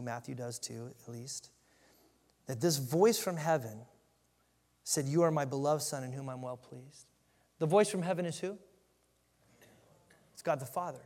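A man preaching with emphatic, animated delivery and a somewhat raised pitch. He often restarts his sentences, and his voice carries a long reverb from a large church hall. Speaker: pastor. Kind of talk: sermon.

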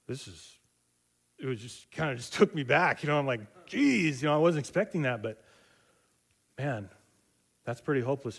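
Middle-aged guy preaching, chatty and full of ums and restarts, does little voices when he tells a story. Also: medium pitch. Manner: conversational storytelling with many fillers and restarts; acts out quoted voices in dialogue. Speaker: pastor. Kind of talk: sermon.

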